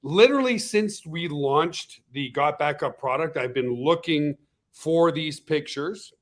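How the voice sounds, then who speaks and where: Man, from Canada, webinar host, upbeat, chatty, slightly high voice. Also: measured pace. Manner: upbeat, chatty, greets viewers by name. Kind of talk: casual live webinar chat.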